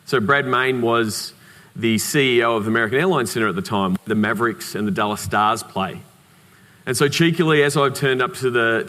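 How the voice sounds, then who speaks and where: An Australian man giving a conference keynote, telling anecdotes in a lively way with humorous asides. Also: medium pitch. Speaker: keynote speaker. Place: conference hall. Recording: reverberant conference hall.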